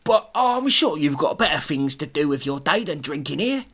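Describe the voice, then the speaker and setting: A man hosting a podcast, reading a story aloud with giggly, animated asides. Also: fairly high pitch, normal speed, slightly rough. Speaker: podcast host and story reader.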